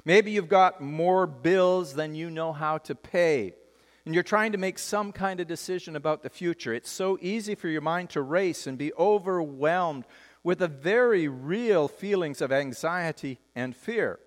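A man preaching a sermon as pastor, lively and joking, with wide swings in pitch. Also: in a large hall.

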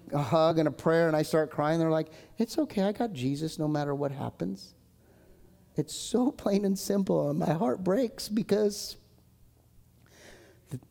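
A man preaching a live sermon in a church hall, earnest and emphatic, swinging between forceful lines and hushed ones. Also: fairly high pitch. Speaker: pastor. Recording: long hall reverb from a church.

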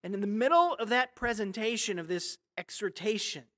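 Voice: medium pitch, animated, normal speed. Storytelling preacher with dramatic swings. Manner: conversational storytelling with rhetorical questions; big swings between hushed and loud. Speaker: pastor. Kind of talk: sermon.

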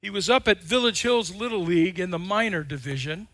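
A male pastor delivering a sermon in a high, bright-pitched voice. He leans on repetition and swings from forceful declarations to quiet, drawn-out asides. The sound is close and dry, with almost no room echo. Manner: dynamic, swings between loud and hushed, repetitive emphasis.

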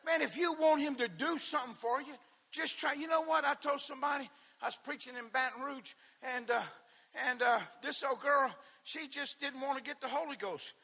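Fervent high-voiced male preacher. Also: normal speed. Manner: shouted, fervent preaching between laid-back joking stories. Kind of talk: sermon with humorous storytelling.

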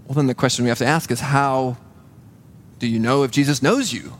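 A man preaching a sermon in a church, earnest and building to a hushed intensity on key points. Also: medium pitch, brisk. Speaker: pastor.

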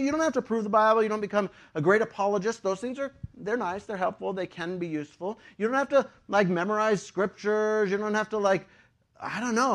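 A male pastor preaches to his congregation in a conversational, animated way, using lots of fillers. His voice sits high.

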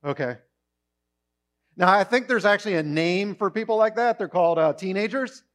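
Male pastor, high voice, lively sermon delivery with acted-out quotes. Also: a little fast. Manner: animated, acts out voices in quotes. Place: church auditorium, also streamed online.

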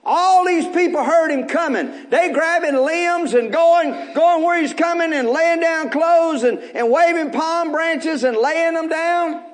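A male pastor with a very high voice preaches at a church service. He reads scripture and then works through it with the congregation, and he climbs into shouts when the message peaks. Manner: builds to shouting at high points. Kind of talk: sermon.

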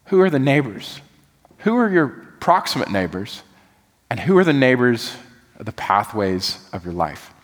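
A man delivers a sermon in a church. His voice carries a long hall reverb around it. He preaches in an animated, folksy way, then sinks to a hush to press his point. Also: mid-range voice, moderate pace. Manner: animated, folksy preaching, drops soft for emphasis. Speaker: pastor. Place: church sanctuary.

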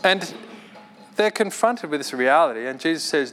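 A man preaching a sermon in an earnest, conversational way, with quick asides and light laughs. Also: on the high side, expressive, fairly bright tone, slight background noise.

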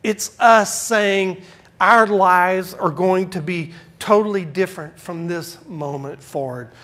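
Male pastor, preaching, emphatic with soft asides. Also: sits high, slow pace. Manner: swings from loud emphatic preaching to quiet asides. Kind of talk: sermon.

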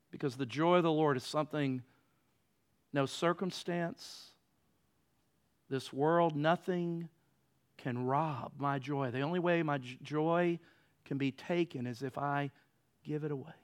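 A man preaching a sermon, moving between loud emphatic passages and quiet, low stretches. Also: unhurried, pauses often, clear, resonant tone. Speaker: pastor.

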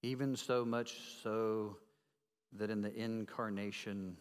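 Pastor guy preaching, loud then hushed, quizzes the congregation, long echo of a big hall. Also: on the low side, flat delivery, takes it slowly. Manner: emphatic, swings from loud to hushed, asks the congregation questions. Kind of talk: sermon. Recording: long reverb of a large hall.

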